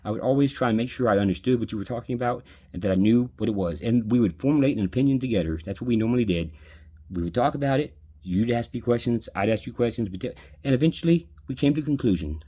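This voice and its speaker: A man's voice: medium pitch, expressive, fast talker, dark tone, husky, muffled recording. An adult man venting in an angry personal rant, bitter and aggrieved, swearing often. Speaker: vlogger venting.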